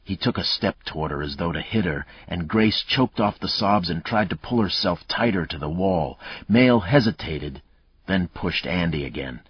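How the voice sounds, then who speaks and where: A man narrates a thriller audiobook in a measured, dramatic way. His voice is very low and husky, with a lively rise and fall. The recording is dry and slightly dull.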